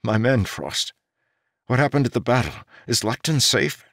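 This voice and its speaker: A man's voice: sing-song, moderate pace, vocal fry, fairly bright tone, dry recording, studio quality. A man voicing a young male commander, grief-stricken and guilt-ridden, whose speech rises into anguished cries. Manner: anguished, rising to high cries.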